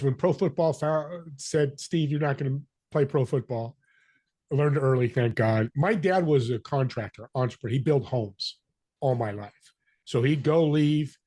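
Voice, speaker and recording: A man's voice: mid-range voice, a little mellow. An older man, a podcast guest, telling stories energetically and acting out quoted voices in conversation. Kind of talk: conversational interview.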